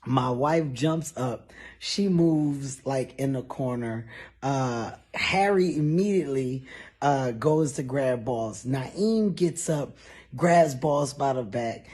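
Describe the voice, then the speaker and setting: A man telling a comedic personal story in a loud, animated, profane way. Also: medium pitch, takes it slowly, breathy edge. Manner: animated, profane, shouts when acting out quotes.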